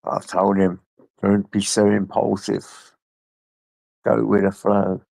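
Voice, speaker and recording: A man's voice: fairly low pitch, little pitch movement, takes it slowly, gravelly, a little mellow, no room sound. A man chatting casually on a live stream from his phone, rambling and talking to his pets, with a blocked nose from a coming flu. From England. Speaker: livestreamer.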